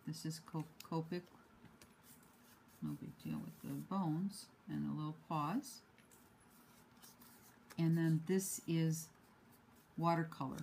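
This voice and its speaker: Slow, low-voiced woman showing crafts. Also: animated, vocal fry, a little mellow, slight background noise, rough recording. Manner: unhurried, self-deprecating, many ums and uhs. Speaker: card-making hobby vlogger. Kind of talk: casual show-and-tell craft demo.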